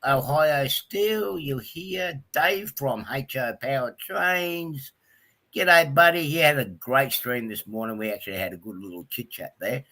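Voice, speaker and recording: Bright-voiced Aussie man hosting a livestream. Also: mid-range voice, unhurried. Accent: Australian. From Australia. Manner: chatty, greets viewers one by one, many ums. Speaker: livestream host. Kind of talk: casual livestream chat.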